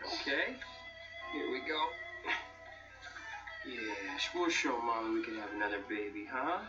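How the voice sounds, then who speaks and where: An actor playing a flustered young father in a 1990s sitcom, pleading and then gently soothing his child. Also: medium pitch, lively intonation, measured pace, loud music behind the voice, lightly acted. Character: young flustered father, harried but loving. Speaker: sitcom character. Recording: distant muffled clip with background noise.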